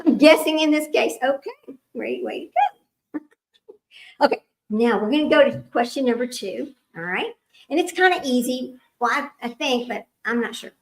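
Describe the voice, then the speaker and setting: On a low-quality recording, a middle-aged woman with a high voice and lively intonation hosts a relaxed trivia livestream at a moderate pace. She drifts from one aside to another, laughs often, and speaks to viewers as old friends.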